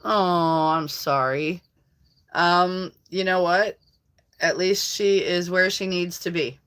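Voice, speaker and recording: A middle-aged woman hosts a casual livestream, reading viewer comments, greeting viewers by name, and laughing often. Her voice is low-pitched with a fairly bright tone.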